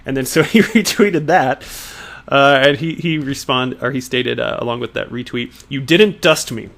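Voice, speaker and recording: A man's voice: mid-range voice, fairly even intonation, moderate pace, gravelly, a bit bright. Chatty, amused man hosting a news vlog. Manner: chatty, chuckles often, amused asides; frequent restarts and self-corrections. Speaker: crypto news channel host. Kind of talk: casual commentary on news and tweets.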